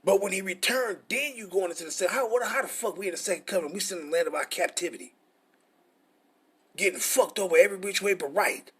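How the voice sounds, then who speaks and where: Husky-voiced man preaching, high pitched. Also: quick pace, a bit bright. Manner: frustrated, profane, repetitive preaching. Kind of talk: informal scripture teaching.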